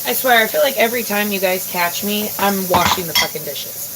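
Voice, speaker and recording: A woman's voice: medium pitch, fairly quick, heavy background noise. A young woman chatting casually while doing dishes at home, swearing freely and dropping in Spanish phrases. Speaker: streamer. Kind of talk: casual chat while cooking. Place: home kitchen.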